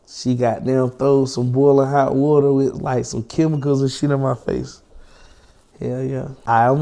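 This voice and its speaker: A young man, an interview guest, telling a long personal story in slangy, profane, animated casual talk. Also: mid-range voice, creaky.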